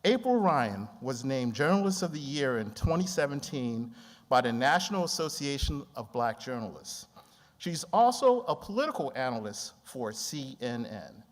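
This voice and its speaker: A man hosting a conference, reading a measured, formal introduction of the keynote speaker. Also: medium pitch, big pitch swings. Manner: measured, formal, slows for emphasis. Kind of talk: scripted introduction. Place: large conference hall. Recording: long hall reverb.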